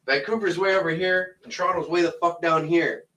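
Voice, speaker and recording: A man's voice: on the high side, steady tone, brisk, bright, forceful tone, rough recording. A Canadian man delivering a profane, mocking comedic rant to camera, angry and blunt, swearing constantly. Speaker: comedic ranter.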